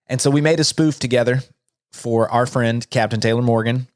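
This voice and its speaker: A man's voice: mid-range voice, fairly even intonation, moderate pace, no echo, clean studio sound. A man in his thirties, hosting a comedy show and closing it in a sincere, earnest way with joking asides. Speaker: host. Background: soft outro music.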